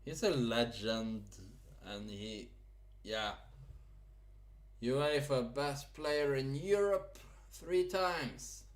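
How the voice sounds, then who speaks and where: Guy rambling about football on his channel, super slow, umming a lot, mid pitch. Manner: slow, hesitant, many fillers and pauses. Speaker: football vlogger. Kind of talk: casual unscripted commentary.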